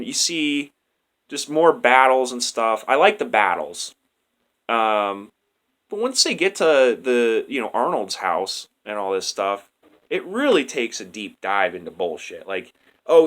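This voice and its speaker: A man's voice: mid-range voice, fairly bright tone. A man reviewing a movie in a crude, slangy, exasperated rant. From United States. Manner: crude, slangy and exasperated, says "dude" a lot. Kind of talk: casual rant.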